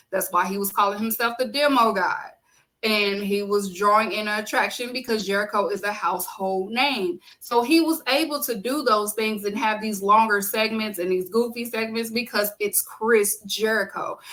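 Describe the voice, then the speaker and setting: Woman podcast host, bright and emphatic, casual solo commentary. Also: mid-range voice, rough recording. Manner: emphatic, repeats key points, conversational fillers.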